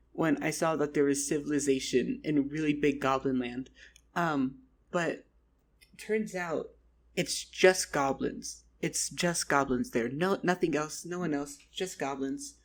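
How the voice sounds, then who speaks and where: Brief: man, fairly high and husky voice, rambling profane storyteller. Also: a little slow. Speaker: vlogger.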